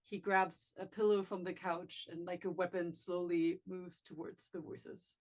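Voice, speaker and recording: A woman's voice: lowish voice, flat delivery, a little slow. A woman player in a tabletop game, hesitantly describing what her character does, with many fillers. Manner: soft, hesitant narration with many fillers, laughing often.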